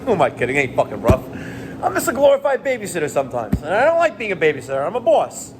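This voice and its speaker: A man's voice: sits high, fast talker, background noise. Profane New man ranting. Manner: animated, profane, exasperated ranting. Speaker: plumbing business owner. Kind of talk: rant vlog to camera.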